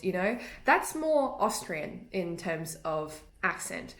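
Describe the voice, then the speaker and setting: A woman's voice: fairly low pitch, very animated, slow pace, few pauses. A young woman, a native English speaker, giving casual spoken tips on pronunciation in a chatty way and laughing easily. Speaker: language tips vlogger. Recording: echoey room.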